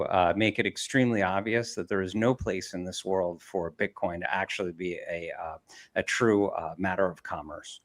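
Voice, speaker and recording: A man on a live panel answering a viewer question in a halting way, with many filler pauses. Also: low-pitched, a bit bright. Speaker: panel guest.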